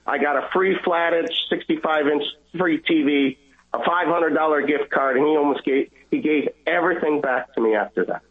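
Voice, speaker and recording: A guest caller, a man whose voice sits a bit high, recounts his own faith story on a tinny, thin-sounding phone line. Sincere and a little stumbling, he keeps restarting and performs the dialogue of the other people in his tale.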